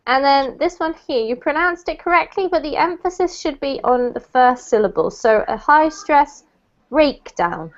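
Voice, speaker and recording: A woman's voice: high-pitched, normal speed, hardly any pauses, muffled recording. A woman teaching an online English class, explaining words patiently and correcting pronunciation.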